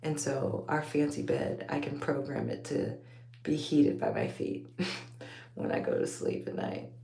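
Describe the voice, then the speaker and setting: A woman vlogger with a Texas accent chats casually with her viewers late at night at home under a bright light, taking out her braids. She rambles, laughs often and calls them y'all. Her voice is bass, gravelly and mellow, a little slow, with wildly swooping pitch and a roomy sound.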